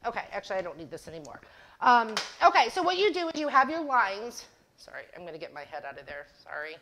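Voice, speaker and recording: A woman's voice: mid-range voice, very animated, quick pace, fairly bright tone, slight background noise. A middle-aged woman hosting a DIY craft livestream, chatting casually and laughing at herself while she demonstrates. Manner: giggly, self-deprecating storyteller. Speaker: craft channel host.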